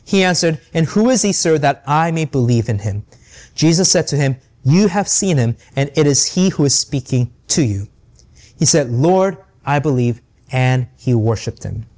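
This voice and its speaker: Animated man teaching Bible verse by verse. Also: a little high, moderate pace. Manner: animated, asks "right?" often, reads scripture aloud. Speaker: preacher.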